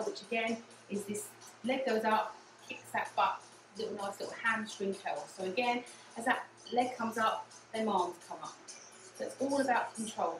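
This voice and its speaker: Leading a low impact cardio session, an English fitness instructor offers encouragement through repeated cues like "again" and "yeah," getting out of breath at times. There's background noise and music, and the room echoes around a distant mic.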